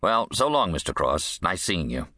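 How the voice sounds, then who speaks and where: A male audiobook narrator playing a gruff war veteran on parole, who talks in a curt, defensive, evasive way. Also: sits low, sing-song, moderate pace, pushed and bright, no echo, clean studio sound, exaggerated voice.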